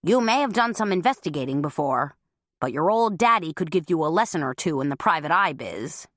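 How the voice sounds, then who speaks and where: Woman reading retired dad, blustery and gruff, lively pitch, dry close sound. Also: a little fast, no echo. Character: older retired father, blustery and proud.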